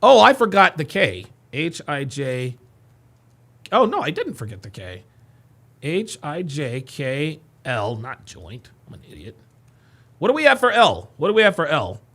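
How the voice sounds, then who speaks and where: Excitable man with a gravelly, bright voice. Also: on the high side, measured pace. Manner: excitable, laughing often, loud bursts of exclamation. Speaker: podcast host. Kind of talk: livestream chat reading viewer comments.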